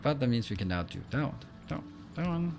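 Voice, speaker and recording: A man hosting a let's play, explaining what he does as he plays and filling pauses with frequent ums and uhs. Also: medium pitch, big pitch swings, gravelly, over music. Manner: explains while playing, with frequent fillers. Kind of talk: gameplay commentary.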